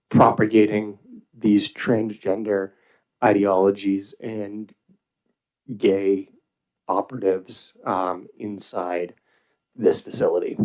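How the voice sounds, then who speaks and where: A man giving formal testimony to a committee, measured, with occasional fillers. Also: lowish voice, steady tone, a little mellow, poor audio. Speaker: public witness at a legislative hearing.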